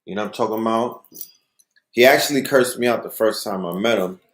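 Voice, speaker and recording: A man with a lowish voice hosts a casual, rambling monologue. He tells stories loosely and often checks in with "you know what I mean". The recording sounds like an echoey room. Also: brisk. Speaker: host.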